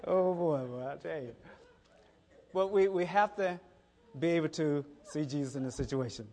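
A man's voice: on the high side, moderate pace, a little mellow. A middle-aged man preaching a conversational sermon, telling stories in a folksy way and often repeating his words. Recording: reverberant hall.

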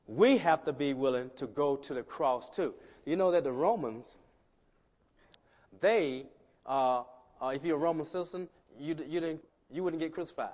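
A male pastor delivers a sermon in a church hall, his words trailing into a long reverb. He talks in a loose, conversational way, full of restarts, then rises into loud emphatic stretches. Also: a little high, moderate pace. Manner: builds from quiet asides to loud emphatic preaching; conversational, many restarts and "you know".

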